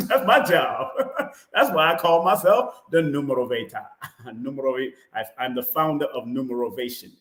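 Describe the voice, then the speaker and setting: A man hosts a live-stream numerology Q and A at a middling pitch. He is chatty, laughs often and repeats his phrases as he talks to viewers. His voice carries a roomy echo. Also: fairly bright tone. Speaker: numerology host.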